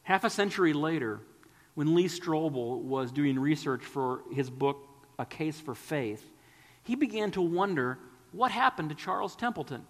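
A man's voice: on the high side, lively intonation, moderate pace, fairly bright tone, long reverb tail. A man preaching a sermon, earnest and pleading, sometimes dropping to a whisper.

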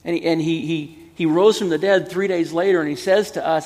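A man in his fifties, a pastor preaching a sermon in an earnest, pleading way that builds to emphatic peaks, with a gravelly, husky voice. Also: a little high, fairly even intonation, brisk, few pauses, darkish tone, long reverb tail.

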